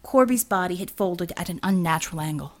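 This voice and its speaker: A woman reading an action novel aloud as audiobook narrator, steady and expressive. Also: on the low side, brisk. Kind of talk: scripted narration.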